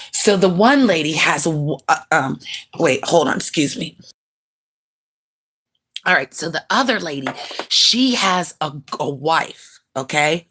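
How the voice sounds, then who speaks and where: A woman hosting a livestream, chatting casually and gossiping to viewers in a slangy, profane way, with laughing asides. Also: slightly rough. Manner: animated, swings pitch up for greetings and quotes. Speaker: livestream host.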